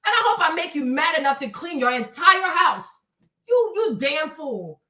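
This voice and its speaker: High, bright-voiced woman ranting profanely. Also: very animated, moderate pace, reverberant, distant mic. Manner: profane, confrontational, mocking. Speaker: livestream host. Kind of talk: heated livestream rant at commenters.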